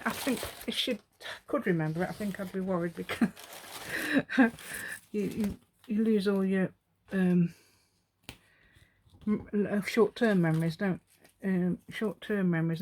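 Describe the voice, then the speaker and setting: A woman's voice: lowish voice, darkish tone. Woman, fifties, rambling craft chat, thinks aloud, laughs a lot, faint background noise. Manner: rambling, talks to herself while working, laughs often. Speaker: craft vlogger. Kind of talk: chatty crafting vlog.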